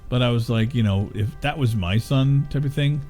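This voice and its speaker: A man's voice: medium pitch, normal speed, mellow, soft background music. A middle-aged man chatting casually while streaming a game, rambling and cursing as he grumbles. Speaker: gaming streamer. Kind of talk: casual chat while gaming.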